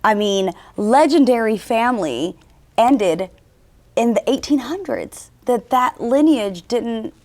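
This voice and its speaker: A woman hosting a casual interview who asks quick questions and teases her guest in an upbeat, playful way. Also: fairly high pitch, animated, darkish tone. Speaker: interview host.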